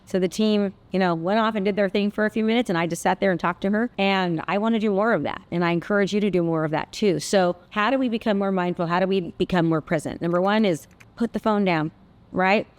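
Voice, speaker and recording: A woman's voice: mid-range voice, fast talker. A woman in her fifties, a real estate coach, talking earnestly and conversationally to camera with many fillers and asides. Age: 50s. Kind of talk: personal reflective talk to camera.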